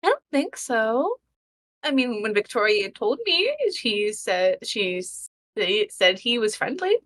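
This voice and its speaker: A woman chats animatedly while playing a tabletop game. Her voice is very bright and slightly high. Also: a little slow, a little hiss or hum. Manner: animated, chatty. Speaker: player. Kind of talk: casual tabletop game chat.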